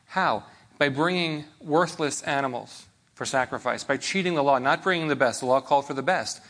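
A man's voice: mid-range voice, moderate pace, a bit bright. A man preaching a sermon in a conversational way, often checking in with his listeners.

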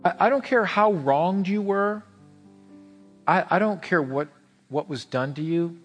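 A man's voice: high-pitched, unhurried, in a large hall, soft background music. A man preaching a sermon as pastor, earnest and repetitive, rising to pleading peaks. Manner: earnest, repeats words, swells to pleading peaks.

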